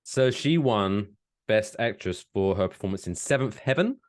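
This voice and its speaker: A man's voice: fairly low pitch, lively intonation, normal speed. A man co-hosting a podcast in casual chat, rambling and laughing at his own jokes. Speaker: podcast co-host.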